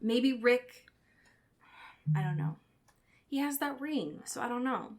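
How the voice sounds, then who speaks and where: A woman's voice: a little high, expressive, takes it slowly. A woman co-hosting a podcast in casual chat, retelling scenes in quoted voices and swearing casually. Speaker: podcast co-host. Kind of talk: casual chat recapping a TV show.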